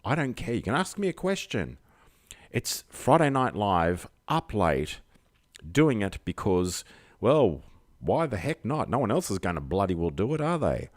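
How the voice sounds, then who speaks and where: An Australian man hosting a late-night live stream, talking in a low voice that swings widely up and down. He rambles and cracks jokes. The sound is dry and close. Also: sing-song, a little slow, no room sound. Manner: rambling, jokey, chatty asides. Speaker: host. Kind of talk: casual live-stream chat.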